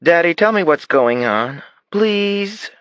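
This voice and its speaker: A man reading an audiobook, putting on the high voice of an eager, teasing young girl. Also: animated, takes it slowly, fairly bright tone, clear, resonant tone, no room sound, highs cut off. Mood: pleading.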